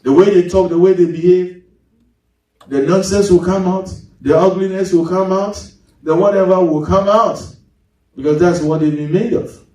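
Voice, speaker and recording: A man preaching a sermon as pastor, swinging his pitch sharply and mimicking congregants. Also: steady tone, normal speed, dark tone. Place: large church hall. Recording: echoey hall, mic at a distance.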